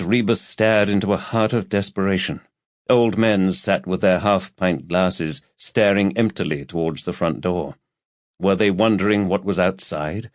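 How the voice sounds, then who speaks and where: A male narrator with a low voice tells the story at a measured, brooding pace. The sound is dull and lo-fi, very dry, with no room heard. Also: no echo. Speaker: audiobook narrator. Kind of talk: scripted narration.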